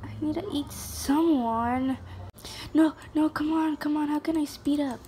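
A young woman giving casual gameplay commentary, excitable, gasping and dropping to whispers while she plays. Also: high-pitched, measured pace. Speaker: gamer. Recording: faint music behind.

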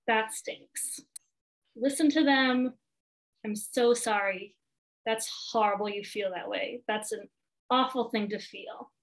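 A woman's voice: a little high, low-quality recording. A woman presenting a parent workshop on test anxiety, talking earnestly and repeating key words for emphasis.

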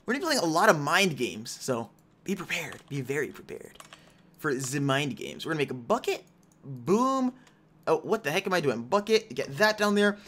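Playing and commentating live, this young gaming YouTuber chats with viewers, mutters to himself, and pokes fun at the other players. He sounds a little high-pitched, very animated and fairly bright, keeping a normal speed.

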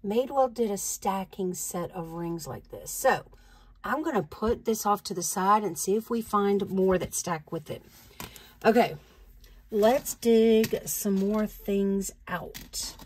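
A woman's voice: medium pitch, takes it slowly, darkish tone, slightly rough. A woman reselling jewelry, chatting casually as she unboxes it, thinking aloud and laughing easily. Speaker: reseller vlogger.

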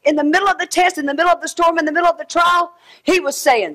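A middle-aged woman preaching a sermon, swinging between shouted exhortation and quiet asides. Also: sits high, expressive, fast.

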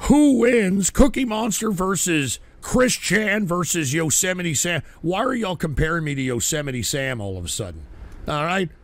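A man hosting a call-in radio show, cursing and erupting into shouting. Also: high-pitched, animated, normal speed, no echo. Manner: explosive, cursing, blows up into shouting.

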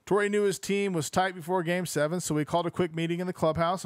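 A young man with a fairly high voice reads a book aloud in a loose, casual way, swearing freely and dropping joking asides between passages. The sound is dry and close, with almost no room around it. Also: steady tone, quick pace, few pauses, no echo. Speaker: podcast host reading a book aloud.

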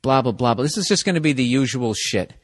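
A man's voice: mid-range voice, expressive, fast talker, dry recording. Profane, blunt man ranting on a podcast. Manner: profane, blunt, rising to loud emphatic outbursts. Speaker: podcast host. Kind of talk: comedic advice rant reading a listener letter.

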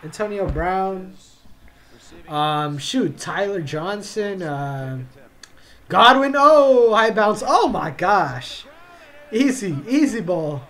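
A young man hosting a casual football reaction video, excitable and slangy, calling out bro after nearly every line. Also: high-pitched, slow pace. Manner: excitable, yelps and drawls "bro" constantly. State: tired, yawning. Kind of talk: casual game reaction commentary.

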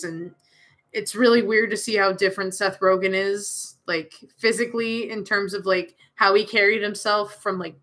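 A woman's voice: mid-range voice, bright, forceful tone. A young woman streamer reading a visual novel aloud and rambling off into giggly, self-interrupting asides.

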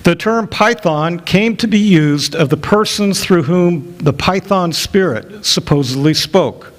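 A man's voice: high-pitched, measured pace. A middle-aged male pastor preaching an expository sermon, rising to emphatic peaks when he quotes scripture.

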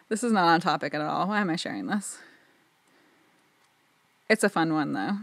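A woman in her home recording studio, chatting to the camera in a rambling, easygoing way. Her voice sits on the low side, and the sound is close and dry with no room echo. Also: big pitch swings, moderate pace, creaky, long pauses. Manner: rambling, chatty, lots of filler words. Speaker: audio engineer and video host. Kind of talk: casual talk to camera.

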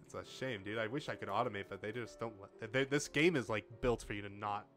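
A man's voice: fairly low pitch, fairly quick. A man streaming a game, joking and laughing as he comments casually. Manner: joking, animated, laughs often, lots of fillers.

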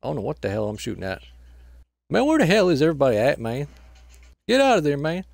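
A man's voice: medium pitch, very animated, fast talker, vocal fry, darkish tone, dry recording. A man giving casual gameplay commentary, grumbling and swearing at opponents and tacking "man" onto nearly every phrase. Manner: swears and trash-talks opponents. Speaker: gameplay commentator filling in for the channel owner.

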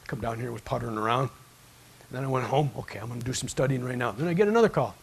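A man's voice: mid-range voice, racing, gravelly, slight background noise. A pastor in a church, preaching in a loose conversational way and acting out the people in his stories. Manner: conversational storytelling, acts out voices in his stories. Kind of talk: sermon. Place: church sanctuary.

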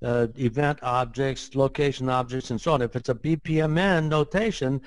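A man's voice: medium pitch, normal speed, no echo, poor audio. An older man explaining his ideas in conversation, emphatic and admittedly emotional, repeating points for force. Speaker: interview guest, framework creator.

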